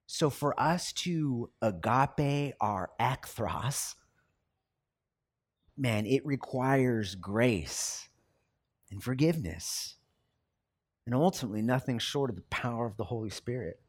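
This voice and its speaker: A man's voice: mid-range voice, expressive, takes it slowly, slightly rough. A man preaching a sermon as a pastor, talking conversationally and acting out everyday quotes.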